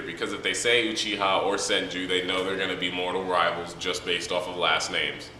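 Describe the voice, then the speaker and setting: A man's voice: low voice, little pitch movement, brisk, hardly any pauses, sharp tone, distant mic, slight background noise. A man reviewing a manga chapter in a casual, rambling, joking way, with many fillers. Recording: echoey room, from the mic.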